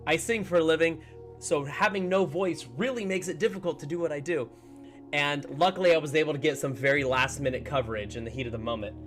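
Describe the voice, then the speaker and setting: A man's voice: a little high, fairly quick, fairly bright tone, soft background music. A man chatting casually on his gaming livestream from home, greeting viewers by name and talking to his dogs. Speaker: livestreaming gamer.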